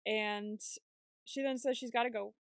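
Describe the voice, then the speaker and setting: Woman, podcast co-host, casual recap, acts out quotes, laughs a lot, fairly high voice, dry close sound. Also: measured pace, clean tone, no room sound. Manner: lively retelling, acting out characters' lines; laughs often.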